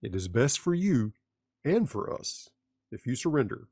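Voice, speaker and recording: A man's voice: medium pitch, very animated, measured pace, gravelly, a little mellow, slightly rough, no echo, studio quality, exaggerated voice. A man voicing a cold male bounty hunter broadcasting a formal, menacing warning over the comms.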